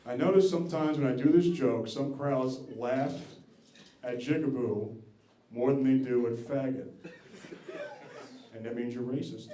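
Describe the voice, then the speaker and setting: A man's voice: mid-range voice, a little slow, long pauses, mellow, slight background noise. Profane, self-mocking stand-up man. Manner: profane, self-deprecating, teasing the crowd. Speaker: stand-up comedian. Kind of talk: stand-up set. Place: comedy club stage. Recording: echoey club room.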